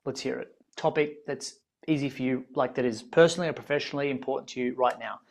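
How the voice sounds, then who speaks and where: Guy hosting a webinar on a video call, energetic, keeps asking the chat for answers, lots of ums. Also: medium pitch, fast. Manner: energetic, prompting the audience, frequent ums. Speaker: webinar host. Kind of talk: live webinar teaching.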